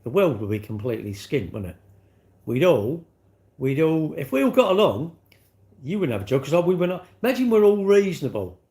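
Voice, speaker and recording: A man's voice: fairly high pitch, big pitch swings, a little fast, dark tone. A middle-aged British man chatting on a livestream, rambling casually and acting out little back-and-forth dialogues. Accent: British English. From United Kingdom. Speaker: livestream host.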